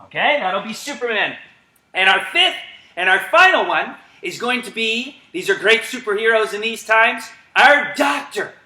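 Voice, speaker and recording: A man's voice: high-pitched, sing-song, moderate pace, sharp tone. A man coaching an upbeat virtual home workout class, calling out commands and making sound effects, recorded in an empty gym. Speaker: gymnastics coach.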